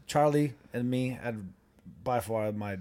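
A man's voice: medium pitch, a little slow, clean tone. Swearing man telling a wild story. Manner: swears heavily, laughing, animated storyteller. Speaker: podcast co-host. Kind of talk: casual storytelling.

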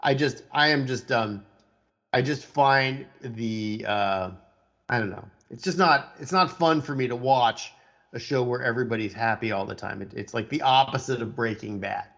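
A man's voice: mid-range voice, normal speed, vocal fry, fairly bright tone. Texas guy griping about tv shows, blunt, trips over his words, kinda muffled audio. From Texas, USA. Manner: opinionated, blunt, stammering restarts. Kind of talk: casual chat about television. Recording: dull lo-fi sound.

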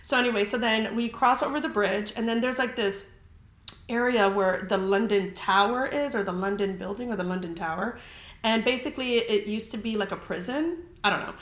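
A podcast host, a young adult woman, tells a story casually, full of "like" fillers and free swearing. Her pitch is fairly high, her pace a little fast, and her tone a bit bright, with a roomy echo in the recording.

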